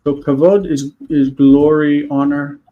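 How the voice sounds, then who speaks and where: A man teaching a grammar lesson on a video call, explaining patiently and slowing down to spell out words. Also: a little high, fairly even intonation, dull audio. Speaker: Hebrew teacher. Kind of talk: online class lesson.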